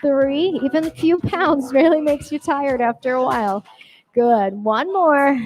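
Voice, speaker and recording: Cueing a barre class over workout music, a woman instructor counts reps and encourages the class with cheerful whoops. Her voice sits high but is unhurried, with a darkish tone. The recording is low quality.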